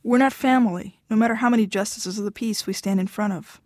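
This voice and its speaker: A woman voicing a blunt, dismissive young wife in an audiobook, cutting and sharp-tongued. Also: medium pitch, quick pace, dry recording, studio quality, natural voice. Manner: cutting, dismissive, flares into shouting. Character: blunt, cold young wife pushing her husband away. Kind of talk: audiobook dialogue.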